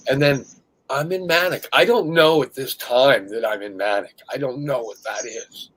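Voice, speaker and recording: A middle-aged man hosting an interview, speaking candidly and emphatically, sometimes dropping to hushed tones. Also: medium pitch, moderate pace, rough recording. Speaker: host.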